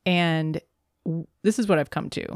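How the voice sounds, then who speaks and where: Thirties woman co-host, easygoing and chatty, lowish voice, recorded dry and close. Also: moderate pace, darkish tone, no echo. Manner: chatty, laughs often. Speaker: podcast co-host. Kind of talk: casual chat.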